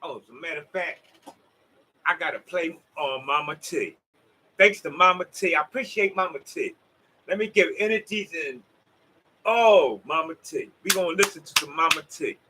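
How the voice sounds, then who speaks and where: Southern US male vlogger, high and tense, preachy and emphatic, talks to camera. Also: moderate pace, sharp tone, breathy edge, low-quality recording. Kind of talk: rambling motivational monologue to viewers.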